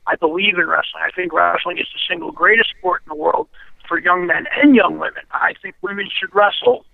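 A man's voice: high voice, steady tone, fairly quick, gravelly, no room sound. A man giving an interview, telling his story bluntly and animatedly, with plenty of swearing and "you know". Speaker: interview guest. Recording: tinny phone line, dry.

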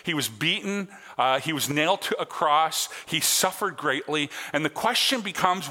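A man's voice: fairly high pitch, expressive, normal speed, hardly any pauses, bright, forceful tone. A man preaching a sermon as a pastor, earnest and conversational, checking in with his congregation. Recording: long hall reverb.

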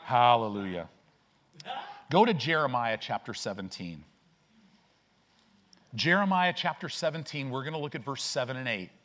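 Preaching in church with a mid-range, somewhat bright voice and lively intonation, this pastor delivers his sermon in energetic quick bursts. He throws out rhetorical questions and goes back and forth in call-and-response with the congregation.

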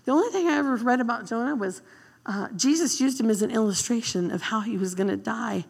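A woman who is a guest pastor preaching a sermon. She tells stories in an emotional, animated way. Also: fairly high pitch, fairly quick, gravelly, slightly rough, in a large hall.

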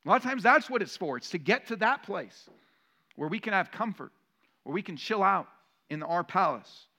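A man's voice: sits high, expressive, moderate pace. A man preaching a sermon to his church, telling stories and building to rhetorical questions with rising emphasis. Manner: storytelling, varies loudness for emphasis. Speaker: pastor.

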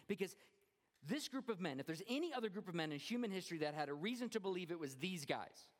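A man delivers a sermon in a fairly high voice, and his words ring out in a long church reverb. He is expressive, often sinking low and quiet to stress a point. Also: fast talker. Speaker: pastor.

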